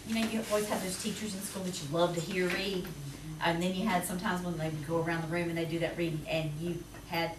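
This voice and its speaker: A woman teacher with a Southern US accent, talking to parents about reading in a chatty, lively way. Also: on the low side. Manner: chatty, lively, quick to laugh. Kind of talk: presentation to parents. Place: school classroom. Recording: roomy, distant, noisy classroom recording.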